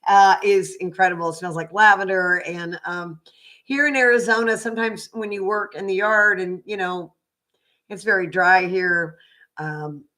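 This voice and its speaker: A woman's voice: medium pitch, fairly even intonation, normal speed, sharp tone. An older woman from Oklahoma, a psychic reader chatting casually on a livestream, rambling with fillers and restarts.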